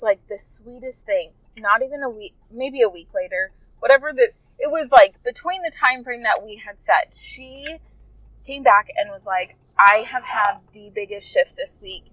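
Speaking unhurriedly in a slightly high, a bit bright voice, a health coach podcaster tells her audience a client story. She's casual, heartfelt and rambling, often revising herself mid-sentence. The recording is dry and low-quality.

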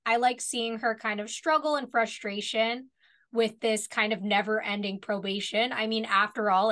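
A woman's voice: mid-range voice, a bit bright. A woman co-hosting a podcast, sharing thoughtful opinions in casual discussion of a TV episode. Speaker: podcast co-host.

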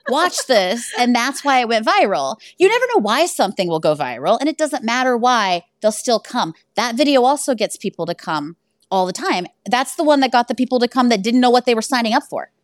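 Lively woman telling stories in a dry recording. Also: a little high, fairly quick, no room sound. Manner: animated, laughs through stories. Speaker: escape room owner; guest. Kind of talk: casual storytelling interview.

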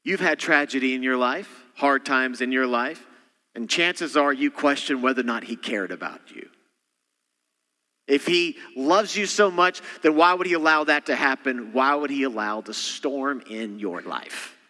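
A bright, forceful male pastor delivering a sermon, his voice ringing through a church hall with long reverb. He swings from loud, punchy emphasis down to hushed, intimate asides. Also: mid-range voice, a little slow. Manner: dynamic preaching, swings between loud emphasis and quiet asides. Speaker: senior pastor.

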